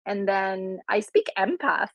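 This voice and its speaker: A woman's voice: mid-range voice, lively intonation, slow pace, dry recording, poor audio. A woman from Rico, speaking as a guest in a casual live audio chat in a gracious, effusive way. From Puerto Rico. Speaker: guest speaker and content creator.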